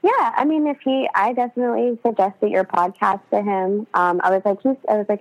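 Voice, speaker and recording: A woman's voice: mid-range voice, fairly even intonation, fairly quick, hardly any pauses, rough recording. A woman speaking as a podcast guest, chatty and casual, filling her talk with "like" and "um". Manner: chatty, full of "like" and "um", laughs often. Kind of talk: casual interview chat.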